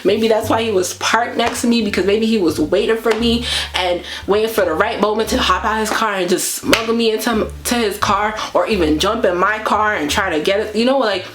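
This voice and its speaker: A woman's voice: medium pitch, fairly quick, hardly any pauses, roomy sound. A woman vlogger casually telling a story, acting out her own reactions as she goes. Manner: animated retelling that acts out her own reactions.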